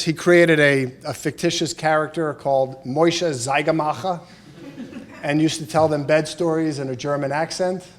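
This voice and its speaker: Middle-aged man, slightly higher voice, eulogy at a chapel, fond funny anecdotes, podium mic. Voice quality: warm storytelling, chuckles through stories. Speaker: son giving a eulogy. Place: funeral chapel.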